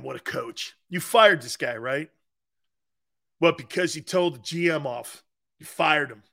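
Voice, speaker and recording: A man's voice: fairly high pitch, creaky, bright, forceful tone. A man hosting a sports talk show, delivering a brash, opinionated monologue that rambles and repeats its points.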